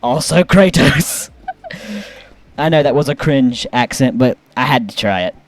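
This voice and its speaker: A man reviewing memes in casual, playful commentary, with sudden jumps up in pitch when he reacts. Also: lively intonation, normal speed. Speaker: YouTube meme reviewer.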